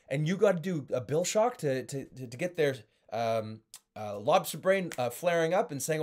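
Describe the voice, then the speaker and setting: A young man giving a casual sales training talk, animated and full of fillers as he demonstrates high and low tones. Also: moderate pace. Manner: frequent fillers and restarts.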